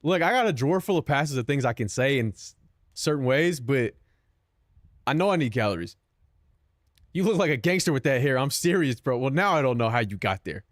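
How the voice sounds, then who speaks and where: In a clean, echo-free studio recording, a young man chats casually with his stream audience. His medium-pitched voice is expressive and brisk, and he's profane, jokey and self-mocking.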